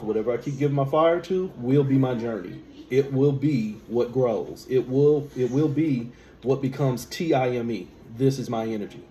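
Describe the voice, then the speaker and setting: A man's voice: mid-range voice, mellow. A man giving a spiritual teaching monologue, emphatic, asking rhetorical questions and repeating key phrases. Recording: echoey room with faint background hum.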